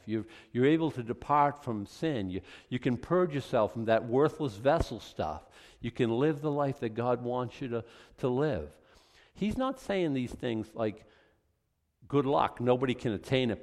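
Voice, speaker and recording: A man's voice: mid-range voice, creaky, a little mellow, big-room sound. A male pastor teaching a Bible study, fired up and emphatic, with conversational asides to the congregation.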